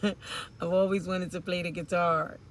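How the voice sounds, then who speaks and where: A woman's voice: lowish voice, flat delivery, normal speed. A woman giving an intuitive tarot reading, musing aloud in informal slang with rambling asides and fillers. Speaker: tarot reader.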